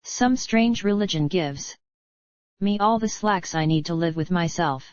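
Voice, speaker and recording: A woman voicing a cynical man musing about his own guilt, in a slow screenplay reading. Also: on the low side, dry recording, natural voice. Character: brooding cynical man, political criminal. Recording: dull lo-fi dry recording.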